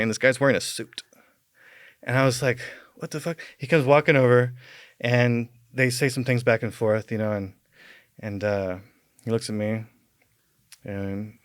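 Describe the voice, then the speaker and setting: A man's voice: medium pitch, a bit bright, no echo. Man telling a rambling story, dry mic. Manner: rambling, many fillers, chuckles through the tale. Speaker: podcast guest. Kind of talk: casual storytelling.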